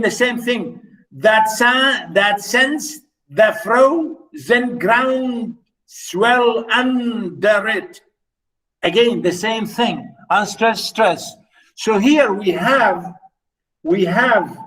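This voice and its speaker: Male lecturer with a high voice, repeats points and quizzes the class; recorded from across the room. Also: fairly bright tone. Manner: repetitive, rhetorical questions, many "you know"s. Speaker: literature lecturer. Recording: voice from far off the mic.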